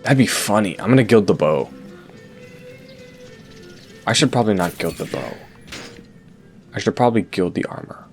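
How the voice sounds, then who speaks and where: A young man with a low voice rambles through casual commentary on his own gameplay, tripping over his words and restarting sentences. Hiccups and small voice cracks break up his speech. Soft music plays faintly behind him. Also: expressive, moderate pace, pauses often. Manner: rambling, self-interrupting, frequent stutters and fillers. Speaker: gaming channel host. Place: home, late at night.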